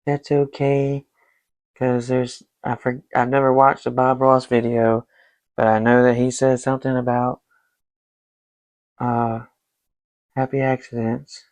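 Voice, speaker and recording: A man's voice: medium pitch, level tone, a little slow, long pauses, a little mellow, no room sound, dull audio. A young man hosting his painting vlog, chatting loosely and swearing while he paints. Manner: rambling, loose and profane. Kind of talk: casual chat while painting.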